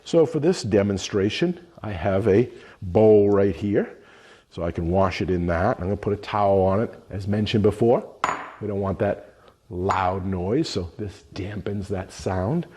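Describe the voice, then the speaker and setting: A man's voice: fairly low pitch, unhurried, dark tone, slight background noise. A middle-aged man giving a cooking demonstration lesson, explaining each step as he works with his hands. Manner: explanatory, talks through each step while working. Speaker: culinary instructor.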